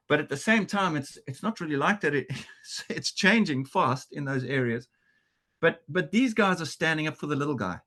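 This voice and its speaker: A man's voice: fairly high pitch, expressive, moderate pace, bright, forceful tone. A man from South Africa, a podcast guest, telling a story in an earnest, restless way full of restarts and repeated words. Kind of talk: conversational storytelling.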